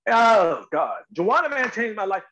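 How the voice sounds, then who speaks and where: Emphatic high-voiced man telling stories. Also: moderate pace. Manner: lively, emphatic, acts out quotes in higher voices. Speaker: actor guest. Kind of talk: animated interview storytelling. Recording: slightly dull lo-fi audio.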